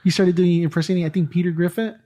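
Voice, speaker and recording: A man's voice: high voice, level tone, very fast, mellow. A middle-aged man hosting a casual podcast chat, rambling and often searching for words. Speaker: podcast host.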